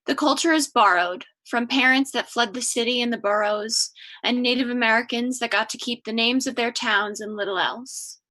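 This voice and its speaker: Bright-voiced Long Island woman reading. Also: a little high. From Long Island, New York. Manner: measured, lyrical delivery. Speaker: graduate writing student. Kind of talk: reading her own prose aloud.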